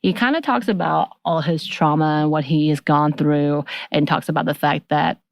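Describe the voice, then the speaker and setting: A woman with a low voice talks through the plot of a TV episode in a relaxed, chatty way, and keeps slipping into quick acted snippets of dialogue. The sound is dry and close, with no room around it. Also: gravelly, no echo. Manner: animated retelling, slipping into quick quoted dialogue. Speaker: podcast co-host. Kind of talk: casual episode recap.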